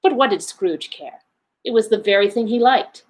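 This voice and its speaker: A woman, a library associate, giving an expressive, measured read-aloud of a classic story. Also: fairly high pitch, low-quality recording.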